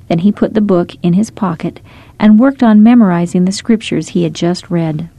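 Mellow woman narrating gentle stories. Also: mid-range voice, no echo. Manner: gentle, measured storytelling. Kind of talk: scripted storytelling narration.

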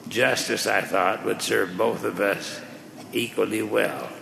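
A man's voice: fairly low pitch, takes it slowly, vocal fry, fairly bright tone, slight background noise, exaggerated voice. A man voicing a pleading debtor. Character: desperate male debtor begging for mercy. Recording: echoey hall.

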